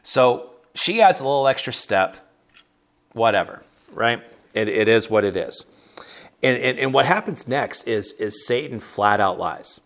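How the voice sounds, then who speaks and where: A man's voice: medium pitch, lively intonation, a little slow, a bit bright. A man leading a casual Bible study over a video call, talking conversationally with frequent restarts and fillers.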